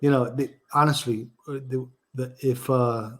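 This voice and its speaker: A man's voice: medium pitch, fairly even intonation, moderate pace, a bit bright. A man in a casual sports podcast conversation with a mid-range voice. He speaks emphatically and rambles off on tangents. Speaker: podcast co-host.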